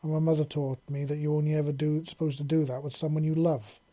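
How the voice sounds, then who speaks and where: Man voicing a young feline girl, timid, blunt, high-pitched, husky, storybook. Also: level tone, quick pace, warm tone, close to an everyday voice. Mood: frank. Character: young black-furred feline girl, timid then frank.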